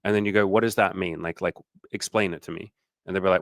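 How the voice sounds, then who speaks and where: A man's voice: deep voice, fairly even intonation, brisk, fairly bright tone, no echo. A man talking as a dating coach in a casual livestream chat. He swears freely, speaks candidly, and acts out the people he quotes in exaggerated voices.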